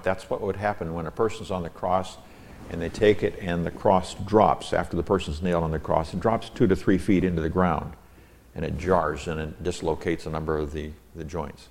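Low-voiced man teaching a Bible lesson. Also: steady tone, a little mellow, long reverb tail. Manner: reads verses with rising emphasis, slows for stress; explanatory asides with fillers. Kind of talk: Bible lesson, reading scripture aloud with commentary.

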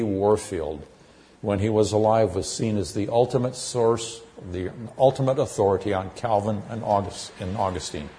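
Low mellow-voiced man preaching. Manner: measured, explains terms, frequent "uh" pauses. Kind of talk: expository sermon.

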